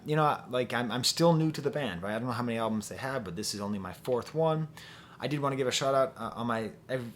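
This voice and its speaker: A chatty man talks through an album review straight to his camera at home, thinking aloud as he goes. His pitch sits in a middling range, and he often stops to restart a phrase. The pace is easygoing and conversational. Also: slight background noise. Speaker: music reviewer.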